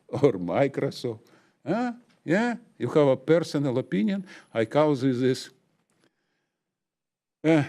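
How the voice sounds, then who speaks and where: A man at the public comment microphone of a city council, speaking emotional, broken non-native English. His pitch leaps up and down all through the rant, and his voice is middle-pitched. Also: darkish tone.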